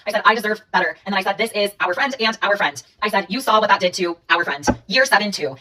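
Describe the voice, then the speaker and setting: A woman telling a personal story in a casual monologue, rapidly recounting events and reading out text messages. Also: medium pitch, lively intonation, pushed and bright, recorded from a distance, rough recording.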